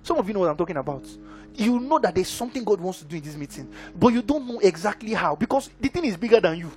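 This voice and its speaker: A man preaching in a fairly high voice, emphatic and driving, constantly asking his listeners whether they follow him. He delivers a sermon as a minister, with soft music playing behind him. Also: expressive, fast. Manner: emphatic, keeps checking in with the congregation.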